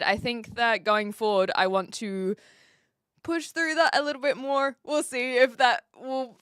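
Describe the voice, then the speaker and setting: Streamer woman, chatty and giggly, slightly high voice, dry close sound. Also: a bit bright, clear, resonant tone, no echo. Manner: chatty and giggly, reads chat aloud. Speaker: live streamer. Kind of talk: casual live-stream chat. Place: attic room with brick walls.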